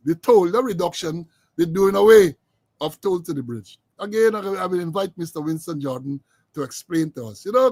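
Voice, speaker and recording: A man's voice: high-pitched, no room sound. A middle-aged Guyanese man hosting a political commentary show, talking with sarcasm and mockery. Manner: sarcastic, mocking. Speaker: host.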